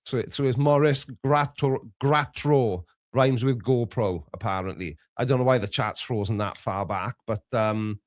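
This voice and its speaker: A man's voice: medium pitch, moderate pace, hardly any pauses. A man with a Welsh accent chatting casually as a streamer co-host, laughing often and restarting his sentences. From Wales. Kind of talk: casual chat.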